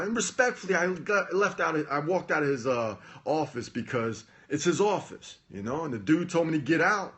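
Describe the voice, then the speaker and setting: A man's voice: fairly high pitch, very animated, normal speed, hardly any pauses, a bit bright. A man and former Marine officer telling a personal story in a casual, chatty vlog style. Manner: chatty, with frequent fillers and restarts. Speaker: motivational vlogger.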